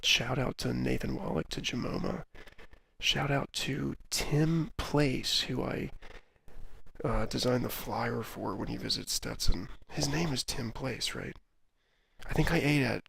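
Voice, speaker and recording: A man's voice: mid-range voice, creaky, fairly bright tone, husky. A man streaming a video game in a casual, rambling, self-deprecating chat with jokey asides. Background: video game music.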